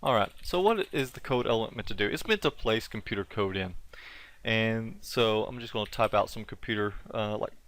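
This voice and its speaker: A man casually explaining web code in a screen-recorded tutorial, talking in a halting way with fillers and self-corrections. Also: lowish voice, fairly bright tone, dry recording. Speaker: tutorial instructor.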